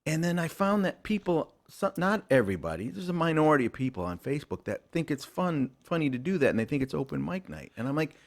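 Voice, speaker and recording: A man's voice: fairly high pitch, a little fast. A man in his forties talking with a friend in casual chat, rambling and correcting himself as he goes. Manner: rambling, self-correcting, animated.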